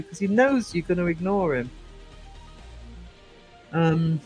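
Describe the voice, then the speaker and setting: A high-pitched, slightly mellow voice belongs to a livestream host from England with a Northeast accent. Unhurried and pausing often, he rambles through viewer comments, teasing the chat with frequent fillers. The low-quality recording has soft background music.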